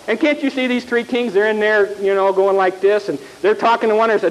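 Male preacher, very high voice, folksy animated storyteller. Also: fast, hardly any pauses, rough recording. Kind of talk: sermon.

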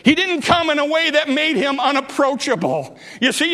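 Male preacher, high voice, dramatic sermon style with shouted peaks, long church-hall reverb. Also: sing-song, measured pace, creaky, hardly any pauses. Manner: dramatic, rising to shouts, repetitive emphasis.

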